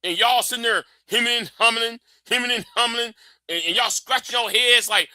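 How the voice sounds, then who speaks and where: A man hosting a live stream in a high, sharp, piercing voice. He rants with heated, profane fire and often breaks into shouts. The sound is close and dry, with no room echo. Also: normal speed. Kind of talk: ranting live stream monologue. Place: warm indoor room with a fan.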